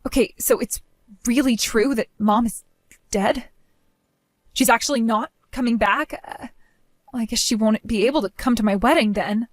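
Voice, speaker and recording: Entitled young bride played by a woman, high voice, whiny, pleading, drama voice acting. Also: moderate pace, pauses often, dry recording, clean studio sound, close to an everyday voice. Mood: disbelieving. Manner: whiny, pleading, self-centered.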